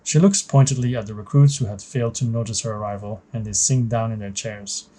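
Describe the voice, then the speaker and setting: A man's voice: fairly low pitch, steady tone, fairly quick, dark tone. A man hosting a solo board game playthrough, reading the rules and story aloud and explaining as he goes, thinking aloud. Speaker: board game channel host.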